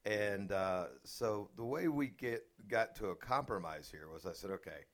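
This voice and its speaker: A man's voice: fairly low pitch, animated, moderate pace. A man from Atlanta, co-hosting a casual interview show and rambling through anecdotes. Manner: rambling, self-deprecating anecdotes. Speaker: co-host.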